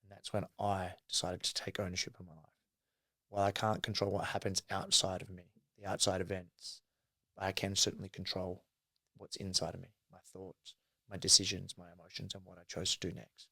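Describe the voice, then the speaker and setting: A man's voice: sits low, completely flat delivery, a little fast, gravelly, sharp tone, slightly rough, no echo. A young man in an interview, telling his life story candidly and earnestly, swearing freely and using lots of fillers. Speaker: guest, mindset coach.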